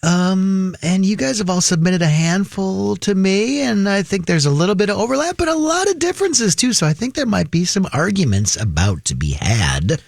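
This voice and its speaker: A man in his fifties hosts a casual talk show, leading the conversation with upbeat questions. His fairly high voice swings widely in pitch, and the sound is dry and close. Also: very animated, moderate pace, gravelly, hardly any pauses, no room sound. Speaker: host. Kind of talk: casual radio show chat.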